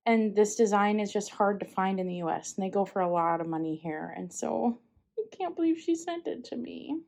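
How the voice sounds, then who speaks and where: A young woman, chatting casually as she opens packages, gushing with excited exclamations. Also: mid-range voice, brisk, creaky. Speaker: vlogger. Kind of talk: casual unboxing chat.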